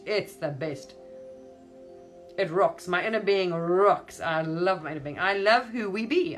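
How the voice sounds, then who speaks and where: A woman speaking as a spiritual teacher in a rambling monologue. She gushes, keeps repeating words of wonder and laughs often. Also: on the low side. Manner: gushing, repeats wow and amazing, laughs often.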